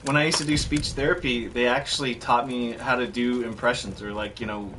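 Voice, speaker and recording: A man's voice: medium pitch, steady tone, brisk, background noise. A man in his thirties chatting casually while streaming a game, rambling and self-mocking, often breaking into laughter. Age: 30s. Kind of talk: casual chat while gaming.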